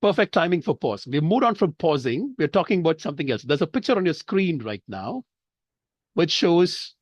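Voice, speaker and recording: A man's voice: fairly high pitch, big pitch swings, moderate pace, dry recording. A man from India runs an online public speaking class, his voice swinging widely as he explains with examples and checks in with listeners. The sound is dry and close, as if from a headset on a video call. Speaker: speech trainer. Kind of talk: online training session.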